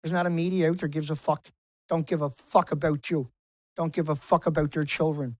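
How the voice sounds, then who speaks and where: A man's voice: on the high side, steady tone, fairly quick, no room sound. A man delivering an angry, profane rant to camera as an activist vlogger, repeating phrases for emphasis, outdoors on a beach. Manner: angry, swearing, repetitive and emphatic.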